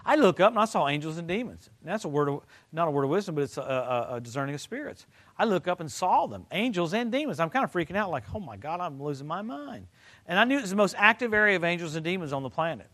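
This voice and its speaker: An older man preaching a sermon, telling stories and swinging from loud excited bursts to low quiet stretches. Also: rapid-fire. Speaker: pastor.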